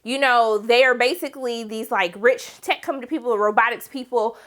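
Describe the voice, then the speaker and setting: A young woman casually recapping a TV episode, slangy, profane and animated, acting out the characters' lines as she goes. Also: fairly high pitch, fairly quick. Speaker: TV show reviewer.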